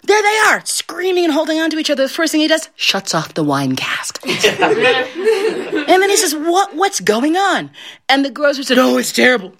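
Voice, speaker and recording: A middle-aged woman spins a folktale aloud in a high, bright voice that swoops up and down constantly. She laughs often between lines and slips into the characters' voices, keeping an easy, playful storytelling manner. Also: wildly swooping pitch, moderate pace. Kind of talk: animated oral folktale telling.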